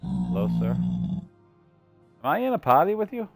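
A man's voice: fairly high pitch, huge pitch swings, slow, gravelly, faint music behind. A man streaming gameplay live, chatting to his viewers and cracking puns as he plays. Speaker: gaming streamer.

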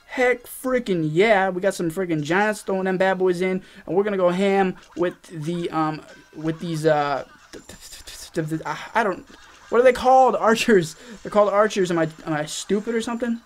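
A young man hosting a gaming channel, rambling excitedly to viewers as he plays a mobile strategy game and comments on each move. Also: high-pitched, normal speed, faint music behind. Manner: excitable, rambling, talks to viewers while playing. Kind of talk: casual gameplay commentary. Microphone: face cam.

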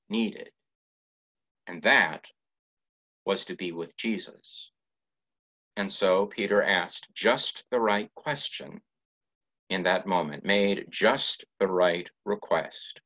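Guest pastor, male, deep voice, slow deliberate sermon delivery, muffled lo-fi church recording. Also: bright, forceful tone. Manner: measured, reflective preaching with pauses. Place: church sanctuary.

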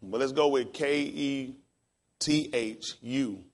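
A pastor teaching a class in a casual, encouraging way, spelling words out letter by letter. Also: male voice, medium pitch, slow pace.

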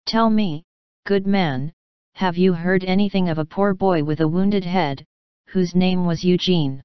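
A woman's voice: on the low side, unhurried, smooth, no room sound, lo-fi sound, lightly acted. A woman reading the lines of a mischievous, fibbing wooden marionette boy in a storybook, with an eager, pleading manner.

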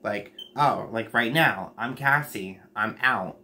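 A man talking bluntly on a casual late-night livestream, rambling and cursing freely, with sudden jumps up in pitch and loudness. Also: slow pace, slight background noise.

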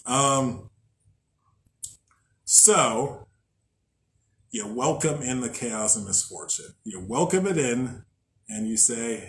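A man's voice: mid-range voice, lively intonation, slow, long pauses, fairly bright tone, a little hiss or hum, poor audio. A man hosting a podcast in a loose, profane, joking casual monologue. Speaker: podcast host. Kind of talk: casual monologue on spiritual practice.

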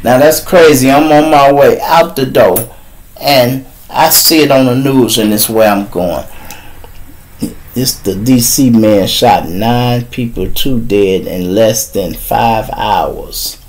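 Male host in his fifties, Chicago accent, mid-pitched, loose profane live-stream storyteller. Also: slow, low-quality recording. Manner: profane, rambling storytelling with bursts of mimicked shouting. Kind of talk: casual live-stream monologue.

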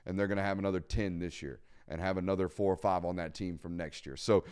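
A man's voice: low-pitched, steady tone, fast talker, darkish tone, clear, resonant tone. A man hosting a live sports talk show, emphatic and blunt, repeating points for stress. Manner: blunt, casual swearing. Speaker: podcast host.

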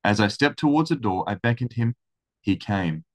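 A man reading a historical account aloud in steady storytelling, then commenting casually. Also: fairly low pitch, moderate pace. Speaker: religious study channel host.

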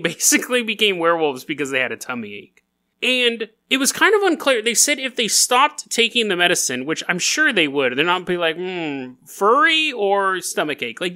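This man's voice is high-pitched, pushed, and bright. Hosting a podcast, he jokes his way through casual stories, laughing often and putting on silly voices.

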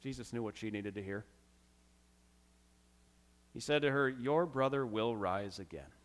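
A man preaching a sermon as pastor, acting out quoted lines dramatically with swings from loud to hushed. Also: mid-range voice, measured pace. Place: church.

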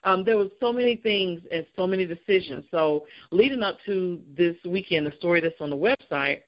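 Woman guest, lively personal storyteller who laughs through it and mimics others; muffled lo-fi sound. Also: lowish voice, normal speed. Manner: animated, acts out voices of people in her story; laughs often while talking.

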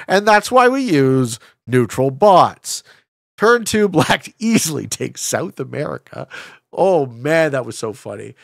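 A man from Canada streaming a board game live, excitable and swearing, laughing often and bursting into shouts. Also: on the high side, measured pace, creaky, no room sound, studio quality. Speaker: streamer playing an online strategy board game.

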